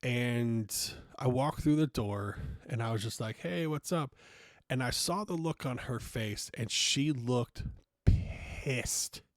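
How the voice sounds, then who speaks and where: A man's voice: medium pitch, takes it slowly, no room sound, studio quality. A man hosting a podcast, talking through a loose, frank monologue with casual swearing and many fillers. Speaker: podcast host.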